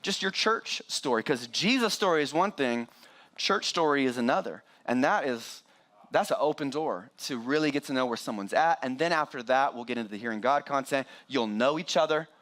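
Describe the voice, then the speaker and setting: A middle-aged man preaching a sermon as pastor, animated and joking with the congregation. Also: medium pitch, moderate pace.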